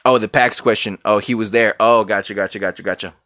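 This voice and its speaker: A man's voice: on the low side, fairly even intonation, fast talker, bright, forceful tone, no room sound, studio quality. A man streaming a game, chatting loosely and profanely and greeting viewers by name from a room at home. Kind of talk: casual chat while gaming.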